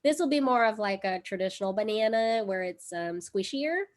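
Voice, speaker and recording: A woman's voice: mid-range voice, lively intonation, normal speed. Chatty woman hosting a live stream. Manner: chatty and giggly, frequent fillers. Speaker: livestream cooking host. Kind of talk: casual live-stream chat. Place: home in Brooklyn.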